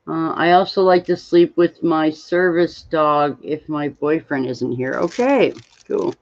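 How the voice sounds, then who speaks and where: A tired woman hosting a casual livestream while crafting, rambling and greeting viewers from chat. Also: sits low. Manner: slow, rambling, reads chat aloud. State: tired, yawning. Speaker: livestream host. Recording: dull lo-fi stream audio.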